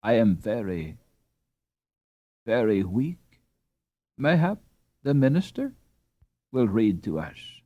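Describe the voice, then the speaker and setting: A man voicing a weak, injured Dutch father waking from a long stupor, talking faintly and haltingly. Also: fairly low pitch, sing-song, no echo, lo-fi sound, heavily acted.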